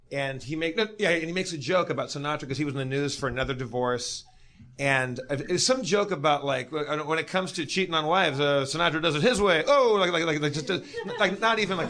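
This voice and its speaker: A man's voice: on the high side, fairly bright tone. A man co-hosting a live comedy podcast, telling a long anecdote in a rambling way with many fillers and restarts. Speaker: podcast co-host. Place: live stage in front of an audience.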